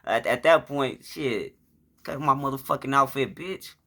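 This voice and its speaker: Male storyteller, casual profane monologue, bright and sharp voice, mid pitch. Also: normal speed. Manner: profane, rambling, acts out shouts and quotes. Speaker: vlogger telling his life story.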